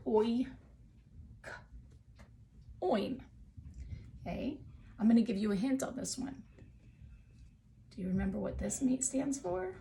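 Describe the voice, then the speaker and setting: A woman's voice: mid-range voice, animated, slow, vocal fry, long pauses, warm tone, a little hiss or hum. A woman teaching a phonics lesson to young children from home, talking in a patient, encouraging way.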